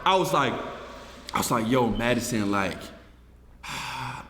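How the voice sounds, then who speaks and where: A young man, a streamer, telling a story to his friends in a casual, animated, profane way, repeating himself and swinging from hushed to shouting. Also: medium pitch, takes it slowly. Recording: echoey room with long reverb, faint noise.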